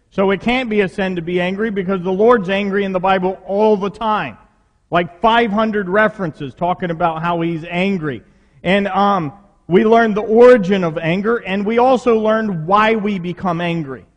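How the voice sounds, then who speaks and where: A man preaching a sermon, talking conversationally with rhetorical questions to his congregation in a church. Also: high voice. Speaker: pastor. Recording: long reverb of a hall.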